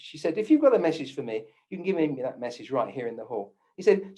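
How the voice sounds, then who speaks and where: A man, a doctor, telling stories in a talk, animated and full of ums and restarts. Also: mid-range voice, quick pace, few pauses, low-quality recording. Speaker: GP giving a talk. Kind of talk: storytelling talk.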